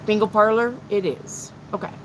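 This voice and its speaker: A middle-aged woman runs a live tarot reading. She is blunt and excitable and swears freely, with a voice at an ordinary pitch. Faint background noise sits under her voice. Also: moderate pace, low-quality recording. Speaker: tarot reader.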